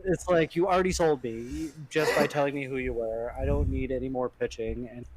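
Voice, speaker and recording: A man's voice: mid-range voice, fairly even intonation, brisk, a little mellow. A man co-hosting a casual gaming podcast, blunt and joking, swearing freely. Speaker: podcast co-host.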